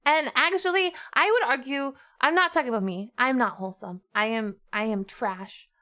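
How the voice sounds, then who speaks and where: A woman streamer chatting casually with her chat, dramatic and quick to swear. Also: sits high, pushed and bright.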